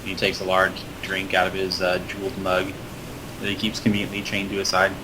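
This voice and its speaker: Low-voiced man narrating a tabletop game. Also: monotone, brisk. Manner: loose, filler-heavy narration. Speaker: game master. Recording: noisy recording with rumble.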